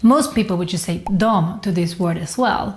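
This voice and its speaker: A woman with a Swedish accent giving a scripted pronunciation lesson, slowly drawing out example words in a sing-song lilt. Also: expressive. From Sweden. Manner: slow, carefully drawn-out demonstration words with sing-song pitch. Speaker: language teacher.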